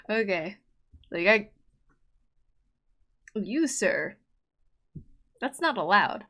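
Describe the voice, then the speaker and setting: Young woman artist, casual drawing chat, excitable, fangirling, lively higher voice, faint music. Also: slow, pauses often. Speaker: artist and video host.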